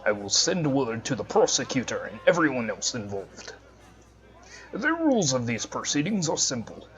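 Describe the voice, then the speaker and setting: A man's voice: medium pitch, dull audio, close to an everyday voice. A man voicing a solemn male dwarf cleric with a put-on Scottish accent, reading the game's lines formally.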